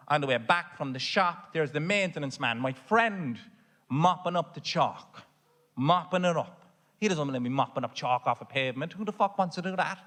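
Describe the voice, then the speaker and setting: A man with an Irish accent performing stand-up comedy on a theatre stage, telling a story full of swearing that builds to shouting. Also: on the high side. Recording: live hall reverb, faint audience noise.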